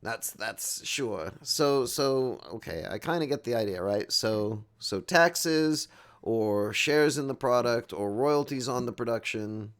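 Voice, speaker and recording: A man's voice: mid-range voice, lively intonation, slow. Joking man streaming a game. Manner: joking, rambling, reads in-game text aloud. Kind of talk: live game commentary.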